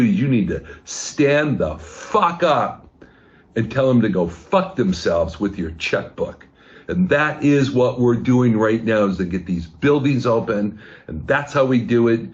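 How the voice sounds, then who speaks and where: A man's voice: fairly low pitch, unhurried, muffled recording. A man giving a rambling, profane, rousing fundraising pep talk over a video call. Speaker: fundraising speaker.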